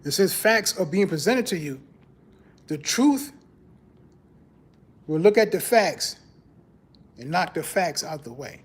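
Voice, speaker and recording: A man's voice: takes it slowly, long pauses, husky. A man hosting a podcast in casual, conversational faith talk, greeting viewers and repeating his phrases. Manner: animated, rises in pitch when mocking church talk. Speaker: podcast host.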